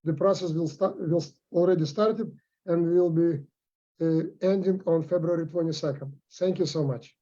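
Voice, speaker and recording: A man speaking as a city councilman, giving formal remarks at a community board meeting with slightly halting phrasing. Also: a little high, mellow. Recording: dull lo-fi audio.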